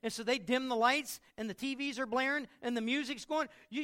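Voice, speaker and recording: A middle-aged man preaching a sermon as pastor, telling stories with loud outbursts and quiet reflective stretches. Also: very high-pitched, quick pace, few pauses.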